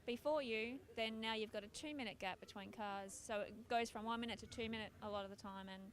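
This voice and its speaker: A woman with an Australian accent, a rally co-driver answering interview questions frankly, pausing with fillers. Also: on the high side, steady tone. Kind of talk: casual interview.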